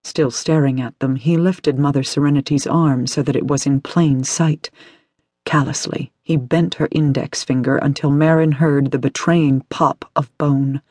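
A man narrating an audiobook in a steady, dramatic way. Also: a little high, no room sound, studio quality.

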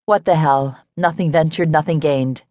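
A woman's voice: deep voice, normal speed, no echo, dull audio, lightly acted. A woman voicing a guarded adult woman who talks in a dry drawl, in a dry audiobook recording.

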